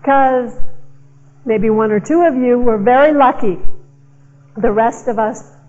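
Slow, emphatic woman giving a spiritual talk. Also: on the high side, a little mellow, lo-fi sound. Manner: slow, emphatic, playful with audience. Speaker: guest speaker. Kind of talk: inspirational talk to a church audience.

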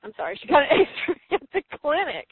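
A woman's voice: high voice, big pitch swings, brisk, no echo. A woman guest telling a healing story in a phone-in radio interview, emphatic, acting out quotes with a rising voice. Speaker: guest, spiritual healer. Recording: tinny phone line, dry.

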